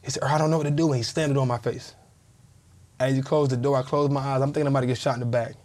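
A man's voice: medium pitch, fairly even intonation, very fast, a little mellow. A man in his thirties, a podcast guest, telling a story in casual conversation and acting out the quoted dialogue. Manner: vivid storyteller who acts out quoted dialogue. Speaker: podcast guest, former pro football player.

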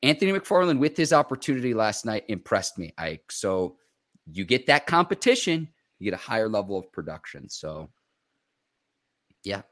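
A man's voice: on the low side, big pitch swings, moderate pace, a bit bright. A man hosting a sports talk show, reading viewer questions and passing the floor in casual chat. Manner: reads viewer questions, moderates. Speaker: show host.

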